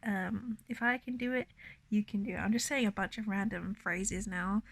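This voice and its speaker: A woman vlogs from her bed in a hushed, half-whispered voice, rambling through her thoughts with lots of fillers. She sounds upset and in pain, at a middling pitch, and the sound is dry and close, with no room echo. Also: steady tone, normal speed, gravelly. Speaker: vlogger. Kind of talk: casual confessional vlog. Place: in bed, indoors.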